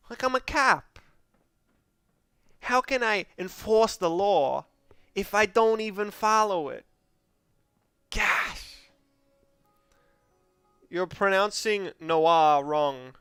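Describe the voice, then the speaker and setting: A man's voice: high-pitched, animated, very slow, pauses often, bright, forceful tone, clean tone, no room sound, faint music behind. A man with an Australian accent giving rambling, joking gameplay commentary as a streamer, laughing often into a close microphone.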